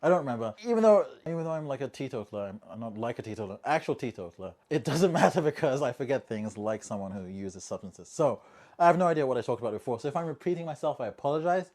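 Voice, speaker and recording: A man hosting a casual monologue video, chatty and jokey, tossing in rhetorical asides and swinging between quiet remarks and loud bursts. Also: mid-range voice, very animated, quick pace. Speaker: language-learning video host.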